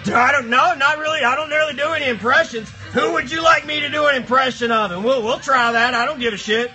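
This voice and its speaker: A man's voice: very high-pitched, fast, pushed and bright, soft background music, full character voice. A man voicing a rowdy, foul-mouthed cardboard box monster, bantering crudely with a live stream chat.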